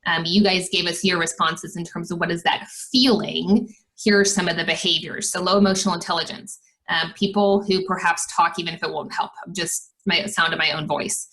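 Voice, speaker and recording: A woman's voice: fairly low pitch, fairly even intonation, a little fast, fairly bright tone, poor audio. A woman co-presenting a leadership webinar, explaining points from slides with a lot of "um". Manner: explains from slides, with frequent "um" fillers.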